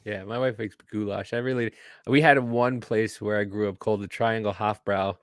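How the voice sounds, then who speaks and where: A man's voice: fairly low pitch, fairly even intonation, moderate pace, no echo, clean studio sound. A man from New Jersey hosting a podcast, joking in casual chat and swearing freely. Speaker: podcast host.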